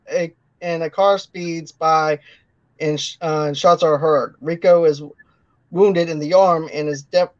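A podcast co-host recapping a film's plot in casual chat, often pausing and restarting. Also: mid-range voice, no echo. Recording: dull lo-fi podcast audio.

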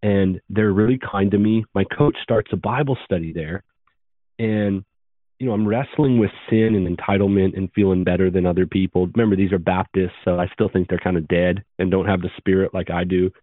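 A man in his thirties recounts his past in an earnest, brisk storytelling manner. His voice sits very low. The sound is dry and narrow, like it came down a phone line. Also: fairly even intonation, no room sound. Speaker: podcast guest. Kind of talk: storytelling interview.

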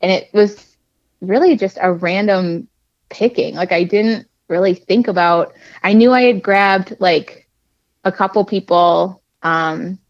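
A woman's voice: medium pitch, unhurried, no room sound. A woman author chatting casually as a podcast guest, rambling with lots of fillers over a dull remote recording. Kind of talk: casual interview chat. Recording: dull, dry remote audio.

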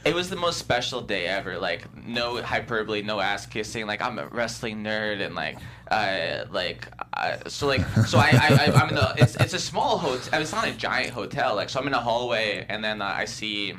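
A man, a comedian, telling a rambling, animated story in casual chat, full of restarts and laughs. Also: lowish voice, normal speed. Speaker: comedian guest.

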